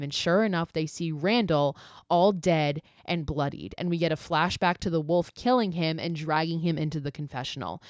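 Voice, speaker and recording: A woman hosting a podcast, retelling a horror film's plot in a chatty, animated way with lots of fillers and swearing. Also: on the low side, no room sound, studio quality. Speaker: podcast host. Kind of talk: casual horror film plot recap.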